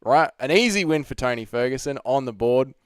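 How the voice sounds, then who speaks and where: A man's voice: medium pitch, animated, a little fast, clear, resonant tone, no echo. A young man hosting a casual live stream, chatting and reading out viewer comments with plenty of swearing. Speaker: livestream host.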